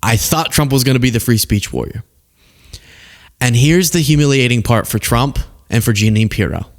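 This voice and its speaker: A man hosting a show of casual political commentary, talking in a sarcastic, emphatic way with quick asides. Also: medium pitch.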